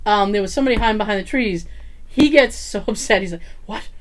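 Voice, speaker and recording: A woman's voice: mid-range voice, fast. A woman co-hosting a podcast, telling a story in casual chat, acting out what people said and laughing often. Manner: animated storyteller, acts out quotes, laughs often. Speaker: podcast co-host.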